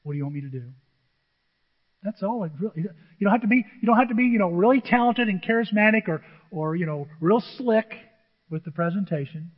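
A man's voice: sits high, brisk, slightly rough. A male pastor preaching a sermon with emphasis, often firing questions at the congregation. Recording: dull echoey church recording.

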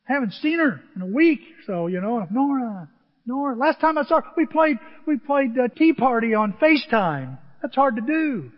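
An older man preaching a sermon, telling animated stories and acting out voices as he goes. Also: very high-pitched, normal speed, few pauses, in a large hall, highs cut off. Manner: animated storytelling, mimics voices. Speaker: pastor.

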